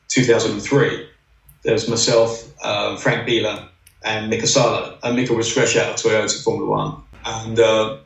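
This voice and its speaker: A middle-aged former racing driver, guesting on a podcast, tells rambling racing anecdotes packed with "you know." His voice is lowish with vocal fry, and the recording sounds roomy, as if he's distant from the mic.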